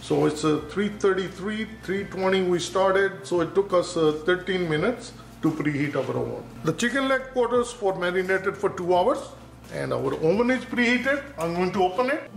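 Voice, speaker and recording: A man's voice: sits high, vocal fry. A man hosting a cooking video, walking through each step and repeatedly warning viewers to be careful in a home kitchen. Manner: instructive, repeats cautions, narrates each step with times. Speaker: cooking channel host. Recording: echoey room with faint noise.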